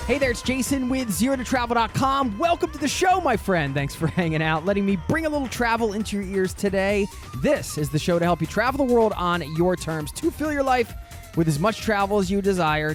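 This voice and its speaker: A man hosting a travel podcast, talking in an energetic, jokey way with plenty of casual fillers and restarts. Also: high-pitched, a little fast, soft background music. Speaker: podcast host. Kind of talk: upbeat podcast intro and chat.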